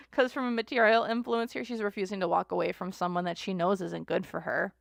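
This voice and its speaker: A woman's voice: mid-range voice, fairly even intonation, fast talker, creaky, no echo, clean studio sound. A woman hosting a casual tarot reading chat, talking in a rambling, chatty way. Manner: chatty, rambling, voices others in mocking asides. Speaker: tarot reader host.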